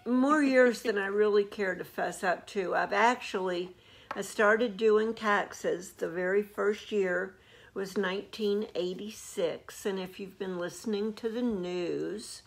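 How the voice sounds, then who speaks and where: A woman guest who does taxes for a living, speaking slowly in an easygoing way. Her voice has a gravelly fry, and she pauses on fillers as she talks. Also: medium pitch. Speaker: tax preparer guest. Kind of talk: casual interview.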